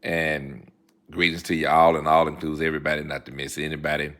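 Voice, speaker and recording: A middle-aged man hosts his own show with a very low-pitched voice. His tone is bright and forceful, and he talks at an unhurried pace, often repeating words for emphasis. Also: flat delivery. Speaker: host. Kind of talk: informational talk.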